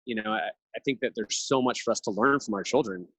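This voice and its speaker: A reflective man in his thirties talks in long, earnest stretches, with a slightly low voice. He sounds close and dry, with no room sound around him. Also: fast, a bit bright, breathy edge, no echo, low-quality recording. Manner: earnest, reflective, speaks in long thoughtful runs. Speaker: podcast guest. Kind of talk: casual conversational interview.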